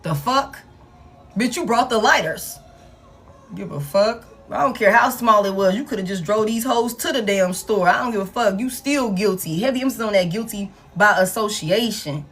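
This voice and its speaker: A woman, giving a live tarot reading in blunt, profane, animated street talk. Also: mid-range voice, moderate pace, breathy edge. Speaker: tarot reader.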